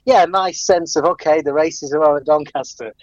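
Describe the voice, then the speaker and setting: A man's voice: a little high, a little fast, dry recording, dull audio. A man in casual radio chat, chatty and laughing often as a guest presenter.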